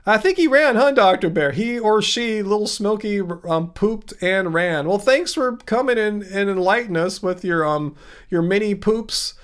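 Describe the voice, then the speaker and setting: A man's voice: sits high, animated, clear, resonant tone. A man hosting a live Q&A stream, reading chat comments and answering with playful sarcasm. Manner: sarcastic, playful, quick retorts. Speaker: livestream host.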